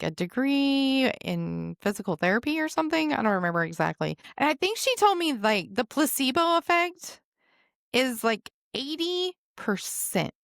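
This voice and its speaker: A woman's voice: on the high side, creaky, no room sound, studio quality. A woman who works as a massage therapist, chatting casually as a podcast guest with loose, hesitant phrasing. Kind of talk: casual conversation.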